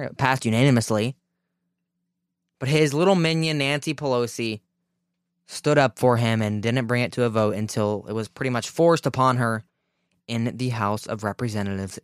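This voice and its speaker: A man rails through a political commentary on his own radio show, emphatic and indignant, often restarting a phrase. His voice is smooth and resonant, recorded dry and close with no room sound. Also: medium pitch, dry recording.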